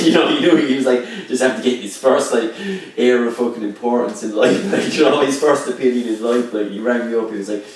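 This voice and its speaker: A man's voice: medium pitch, fast, few pauses, darkish tone. Young man, laughing storyteller, slangy, very echoey room, far from mic. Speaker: comedy club member. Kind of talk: casual storytelling chat.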